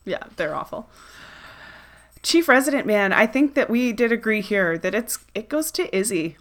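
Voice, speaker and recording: A woman's voice: fairly high pitch, lively intonation, normal speed. A woman co-hosting a podcast in casual chat, recapping with enthusiasm and laughing as she talks. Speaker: podcast co-host.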